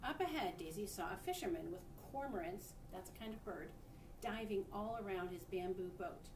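Lively woman reader for a children's storybook; expressive, slightly distant and roomy, faint rumble. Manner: expressive, pauses to show pictures. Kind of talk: reading a picture book aloud to children. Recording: echoey room, distant mic, faint rumble.

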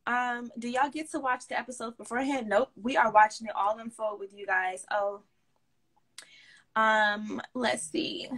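Chatty woman on a live stream, dc-baltimore-southern mix accent, upbeat, a bit high. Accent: mixed DC, Baltimore and Southern US. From DMV area, United States. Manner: chatty, upbeat, talks fast when excited. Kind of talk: casual live-stream chat reading comments.

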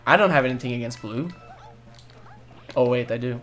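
Young man, gaming commentary, swearing, laughing, very animated pitch, faint game music. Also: brisk, pauses often. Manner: excitable, swears a lot, bursts into loud laughter. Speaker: gaming video host. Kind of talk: casual let's-play commentary.

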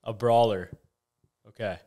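Young man with quick joking interjections. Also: on the low side, fairly even intonation, warm tone. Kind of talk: casual podcast chat.

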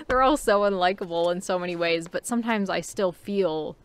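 A woman's voice: fairly low pitch, moderate pace, clear, resonant tone. A woman giving a casual book review, chatty and musing, with frequent fillers and laughs between thoughts.

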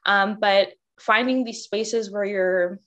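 A woman's voice: mid-range voice, fairly even intonation, slow pace, fairly bright tone, highs cut off. A woman speaking as a panelist in a candid discussion, passionate and outspoken. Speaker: workshop panelist.

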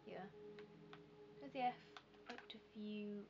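A woman's voice: mid-range voice, takes it slowly, over music. A woman casually commenting on a video game while playing, chatty and self-deprecating as she thinks aloud. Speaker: gameplay commentator. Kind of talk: casual let's-play commentary. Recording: lo-fi home recording with background hiss.

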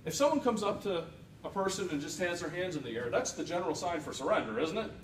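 A man's voice: animated, fast. A man questioning a witness in a courtroom cross-examination, leading him with short questions and frequent checks for agreement. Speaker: defense attorney. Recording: echoey room from far off, faint rumble.

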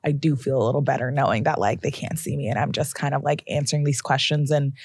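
Deep-voiced chatty woman, rambling. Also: fairly even intonation, fast talker, darkish tone, slightly rough, no room sound, studio quality. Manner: chatty, rambling, fills with "like" constantly, self-deprecating. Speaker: co-host, job seeker expert. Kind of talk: casual chat.

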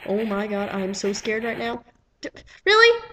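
A woman's voice: mid-range voice, level tone, fairly quick, a little hiss or hum, poor audio. A woman commenting casually on a game she is playing, exasperated and chattering, chanting along with the action. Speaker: gaming video host. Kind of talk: casual let's-play commentary. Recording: game music playing behind.

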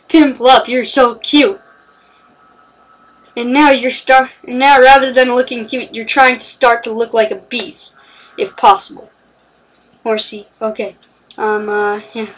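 A woman's voice: a little high, fairly even intonation, a little slow, distant mic. A woman giving playful, chatty gameplay commentary and talking to the game characters. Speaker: let's play commentator.

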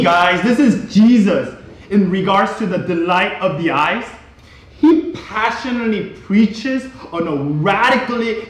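Emphatic high-voiced preacher in echoey hall. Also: male voice, slight background noise. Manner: emphatic, repetitive, rising to shouts. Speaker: pastor. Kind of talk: sermon. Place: church sanctuary.

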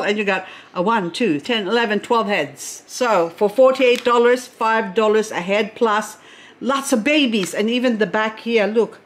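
A woman's voice: mid-range voice, unhurried. A middle-aged woman chatting casually as she unboxes succulents, gushing over each plant with chatty asides.

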